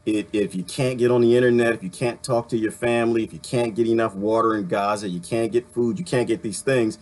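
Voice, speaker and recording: A man's voice: lowish voice, fairly even intonation, fairly quick, darkish tone. A man hosting a casual livestream, talking bluntly and repeating himself, a little annoyed. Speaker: livestream host.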